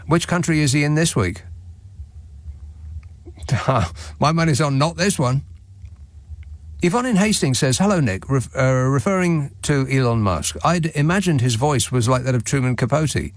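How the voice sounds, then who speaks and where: A man's voice: mid-range voice, lively intonation, moderate pace, no room sound. A man hosting a talk radio phone-in, reading listener texts with a dry, sardonic manner and frequent restarts. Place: radio studio.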